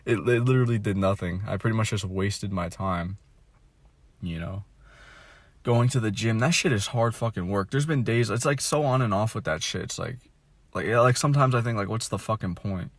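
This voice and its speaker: A man's voice: fairly low pitch, moderate pace, dry recording. Deflated, rambling young man venting. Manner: rambling, profane, deflated, full of "like" and "you know". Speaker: vlogger. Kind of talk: casual venting monologue. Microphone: phone.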